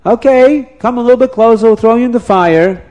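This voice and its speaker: A man's voice: very high-pitched, brisk, a little mellow, dull audio, voice pushed up. A man putting on a jeering mob of villagers. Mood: mocking. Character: jeering crowd of male villagers, mocking.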